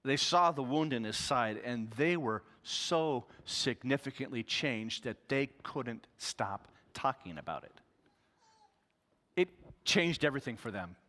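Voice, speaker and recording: Bright-voiced pastor preaching in a hall. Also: male voice, mid-range voice, lively intonation, measured pace. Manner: conversational, earnest, with restarts. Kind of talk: sermon.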